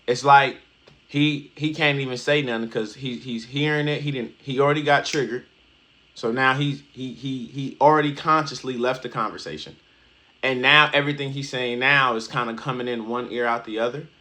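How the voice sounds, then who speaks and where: A man's voice: mid-range voice, fairly even intonation, normal speed, bright, forceful tone. A man hosting a reaction video, talking casually in street slang with emphatic stops and restarts.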